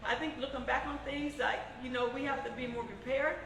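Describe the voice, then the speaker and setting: A woman in her seventies, a guest telling animated stories to a live audience in a room, laughing often and acting out conversations. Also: high voice, a little fast, gravelly. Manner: animated, laughing, acts out dialogue. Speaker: guest storyteller. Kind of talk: casual live interview storytelling. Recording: roomy, distant mic, noisy.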